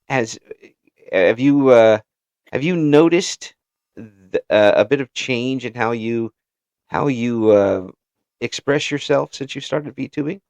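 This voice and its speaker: A man with a middle-range voice hosts a relaxed chat, stumbling over repeated words before landing his question. His sound is dry and close to the mic. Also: medium pitch, no echo. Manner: hesitant, repeats words while forming questions. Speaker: interview host. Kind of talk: casual interview chat.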